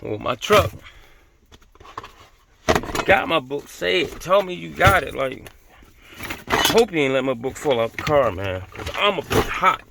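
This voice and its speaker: A man's voice: fairly high pitch, sing-song, measured pace, vocal fry, long pauses, very noisy. A man vlogging from his car, preaching bluntly and cursing as he talks to his viewers. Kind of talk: casual religious rant to viewers.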